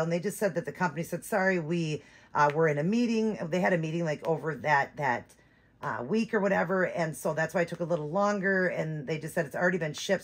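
A woman hosting her channel, chatting casually and rambling, with many fillers and restarts. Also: deep voice. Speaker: doll-collecting channel host. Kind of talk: casual chat.

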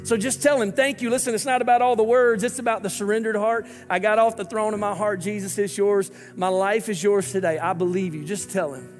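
A man's voice: high-pitched, fairly even intonation, brisk, few pauses, long reverb tail, soft background music. A man, a lead pastor, giving an earnest, pleading sermon and prayer to viewers watching online.

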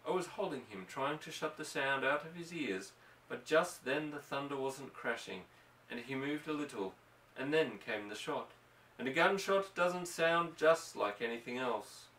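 A man voicing an anxious ranch wife and mother, speaking softly and with worry. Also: mid-range voice, lively intonation, measured pace, a little hiss or hum, voice pushed up. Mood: anxious, hushed. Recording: roomy, distant mic.

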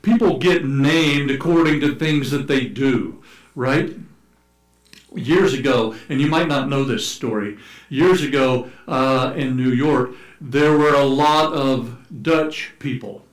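A male pastor preaching to his congregation, mixing lively anecdotes with scripture readings. His voice sits at an ordinary male pitch and carries a roomy church echo around it. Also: takes it slowly. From United States. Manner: storytelling, playful, acts out shouted calls. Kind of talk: sermon. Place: church sanctuary. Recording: echoey church room.

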